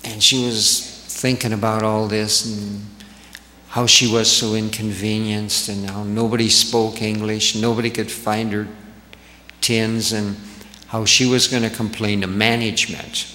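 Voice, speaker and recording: A man telling stories gently to an audience as a spiritual speaker in a large hall. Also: fairly low pitch, level tone. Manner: slow, gentle storytelling. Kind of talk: storytelling talk to an audience. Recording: echoey hall reverb, faint noise.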